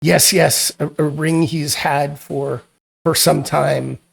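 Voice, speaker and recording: A man's voice: a little high, fairly even intonation, slow pace, creaky, slightly rough, heavily acted. Hesitant young woman, stammers, raised voice, as a man puts her on. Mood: tender.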